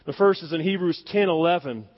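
A man preaching a sermon with emphatic delivery, dropping to near-whispers and rising to stressed loud words, asking the congregation to repeat phrases after him. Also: fairly high pitch, brisk. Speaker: pastor. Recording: dull lo-fi sound.

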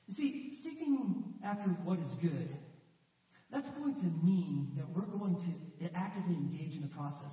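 A man preaching a sermon with animated storytelling, acting out the voices in his stories. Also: sits high, normal speed. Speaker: pastor. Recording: echoey hall from far off, dull sound.

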